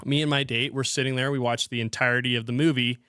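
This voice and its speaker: A man's voice: mid-range voice, fairly even intonation, quick pace, sharp tone, smooth, dry recording, studio quality. Rambling male podcast host. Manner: rambling, many restarts and fillers. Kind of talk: casual solo commentary.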